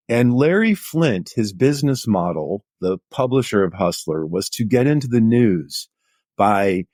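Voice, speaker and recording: A man's voice: on the low side, mellow, dry recording, studio quality. A middle-aged man, a journalist guest, telling anecdotes in a casual interview with lots of "like" fillers. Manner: anecdotal, chatty, many "like" fillers.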